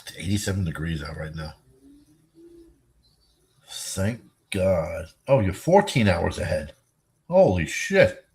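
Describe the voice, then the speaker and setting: Older male streamer, worn out and yawning, husky voice, loose profane chat with viewers. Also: low voice, animated, a little slow, pauses often, warm tone. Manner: rambling, profane, chatting with viewers. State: tired, yawning. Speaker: livestream host. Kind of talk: casual late-night livestream chat.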